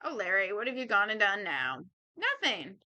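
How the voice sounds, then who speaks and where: A woman's voice: mid-range voice, wildly swooping pitch, normal speed, sharp tone, no room sound, heavily acted. A woman voicing a chatty young woman, a best friend, who teases and chats. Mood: teasing. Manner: teasing and chatty.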